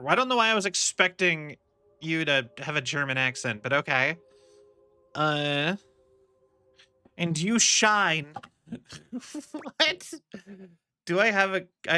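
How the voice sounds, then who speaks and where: A man's voice: a little high, animated, brisk, pushed and bright, smooth. A man streaming live, commenting on a video game in a joking, rambling way.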